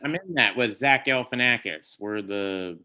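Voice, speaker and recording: A man's voice: on the low side, moderate pace, low-quality recording. A man in his forties, a podcast guest, telling stories casually and slipping into impressions of people. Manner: animated storyteller, slips into impressions of people. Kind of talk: casual chat.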